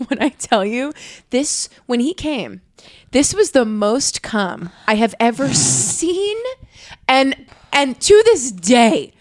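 A woman's voice: fairly high pitch, big pitch swings, slow pace, no echo, clean studio sound. A woman in her twenties co-hosting a podcast, telling a bawdy story with lots of laughter. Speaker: podcast co-host. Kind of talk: casual comedic chat.

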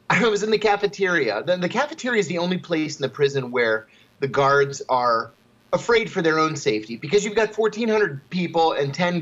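A man telling a story at an even pace as a guest in an interview, with chuckles between phrases. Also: fairly high pitch, muffled recording.

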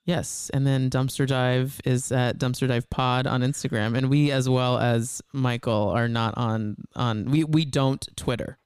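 A man hosting a podcast in casual chat, talking quickly with lots of "like" fillers. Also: mid-range voice, fairly even intonation, clean tone, dry recording, clean studio sound. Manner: quick talk full of "like" fillers. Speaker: podcast host.

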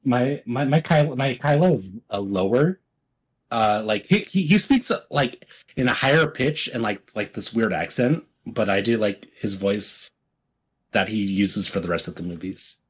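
Male podcast co-host, husky voice, lively pitch, casual and self-deprecating. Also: normal speed. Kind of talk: casual chat.

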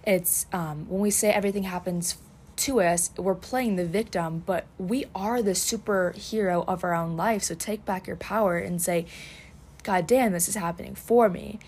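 Woman, low voice, earnest, repetitive phrasing, casual chat, faint background hum. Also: fairly even intonation, normal speed, a little mellow. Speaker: podcast host.

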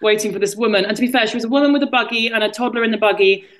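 A woman's voice: fairly high pitch, very fast, fairly bright tone. English woman, podcast guest, candid casual chat, laughs at herself. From England. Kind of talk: frank conversational chat.

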